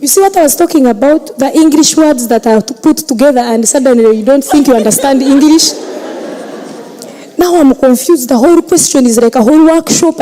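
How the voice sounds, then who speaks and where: A woman's voice: sits high, dark tone, slight background noise, rough recording. A woman comedian answering audience questions on stage in a joking, self-deprecating conversational way.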